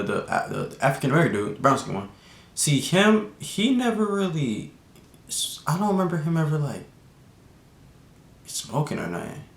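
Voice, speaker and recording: Gravelly young man, rambling storytime. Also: on the low side, roomy sound, a little hiss or hum. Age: young adult. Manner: rambling, laid-back slang, frequent restarts. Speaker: vlogger. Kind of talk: casual storytime.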